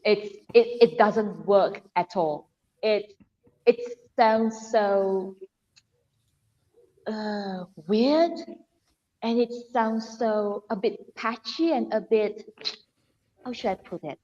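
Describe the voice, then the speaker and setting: Malaysian chinese accented woman on a video call, halting and repeating herself, muffled audio with a long echo. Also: mid-range voice, mellow. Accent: Malaysian Chinese English. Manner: hesitant, repeats words, laughs often. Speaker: guest. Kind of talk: casual video-call chat. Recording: dull lo-fi audio with long reverb.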